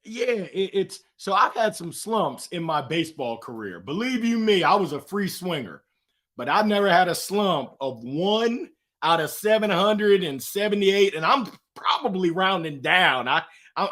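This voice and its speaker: A middle-aged man with a fairly high voice tells stories with lots of energy. His pitch jumps around a great deal as he acts out the other people in his stories, in an animated, engaging way. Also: moderate pace. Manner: lively, acts out voices in anecdotes. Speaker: guest. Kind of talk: animated storytelling.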